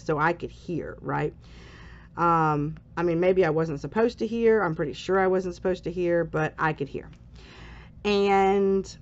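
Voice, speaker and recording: Rambling woman telling a story. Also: fairly low pitch. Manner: rambling, heartfelt personal storytelling. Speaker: crafting channel host. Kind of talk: casual chat while crafting. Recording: dull lo-fi sound.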